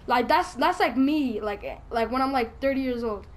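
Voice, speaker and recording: A young woman giving excitable, crude, giggly let's play commentary as a gaming YouTuber. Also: sits high, moderate pace.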